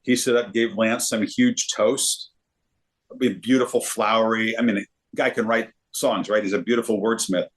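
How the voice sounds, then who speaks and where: A man, talking in an easy, casual interview. He is an animated storyteller who often repeats words as he gathers his thoughts. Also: on the low side, normal speed. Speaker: sportscaster guest.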